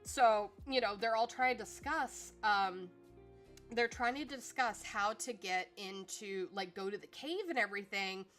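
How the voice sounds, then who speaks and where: A woman streamer casually telling a rambling, animated story about a tabletop game, full of fillers and acted-out quotes. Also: mid-range voice, measured pace, soft background music.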